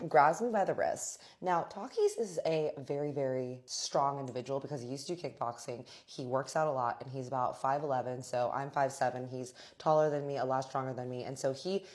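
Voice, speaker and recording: Very low-voiced woman telling a dramatic story. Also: a little fast, hardly any pauses, a little mellow. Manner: vivid, profane, addresses viewers as y'all. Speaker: storyteller, vlog host.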